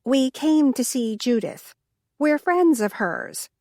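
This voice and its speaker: A woman's voice: sits high, animated, slow, darkish tone, dry recording, clean studio sound, pitched above the performer's own voice, heavily acted. A woman voicing a plain-spoken, direct woman visiting a friend.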